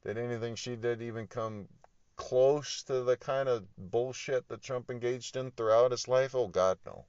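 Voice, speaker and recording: A man's voice: mid-range voice, steady tone, normal speed, a little mellow, clean tone, no echo, muffled recording. A man hosting a podcast, ranting in a profane, exasperated, rambling way and laughing between points. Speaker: podcast host. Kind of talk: casual political rant.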